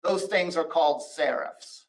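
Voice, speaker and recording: Instructor, male, high-pitched, talks through screen-share code with fillers and restarts. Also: fairly even intonation, measured pace, poor audio. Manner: explains step by step, frequent "uh" and restarts. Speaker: college instructor. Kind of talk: recorded screen-share lecture.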